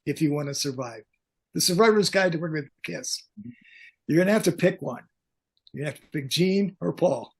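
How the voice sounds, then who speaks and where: An older man, a concert pyrotechnics veteran, telling lively backstage stories as a podcast guest and acting out the lines he quotes. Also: a little high, fairly quick, vocal fry, slightly rough. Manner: animated anecdotes, acts out quoted lines. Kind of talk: storytelling in a podcast interview.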